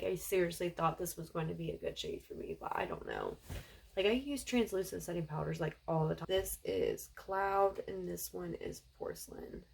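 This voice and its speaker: A young woman talks through a beauty haul in a chatty, gushing way. Her voice sits low and has a gravelly fry. She fills her talk with casual fillers. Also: a little hiss or hum, low-quality recording. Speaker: beauty vlogger. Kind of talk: casual product haul review.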